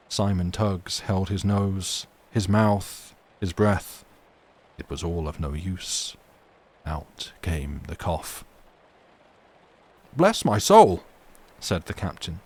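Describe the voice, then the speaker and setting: A man with a fairly low voice reading classic stories aloud for a live stream audience. His narration is measured and dramatic, and between stories he talks casually to his viewers. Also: darkish tone. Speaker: livestream reader.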